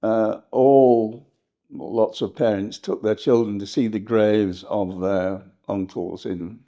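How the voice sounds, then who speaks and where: An older English historian reminiscing in an interview, rambling and hesitant, with frequent laughs. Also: male voice, fairly low pitch, fairly even intonation, takes it slowly, mellow, lo-fi sound. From England. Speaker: historian guest.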